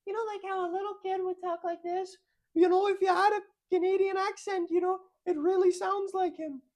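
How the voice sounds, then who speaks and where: A man doing a comic impression of a famous male debater, talking in a high childlike voice that strains his throat. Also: little pitch movement, brisk, darkish tone. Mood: mocking.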